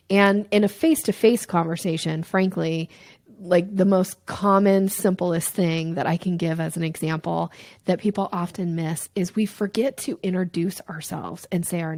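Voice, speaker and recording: A sales coach with a fairly low-pitched voice explains her method in a conversational interview, speaking at normal speed in a dry recording. Animated, she acts out short examples using playful little voices.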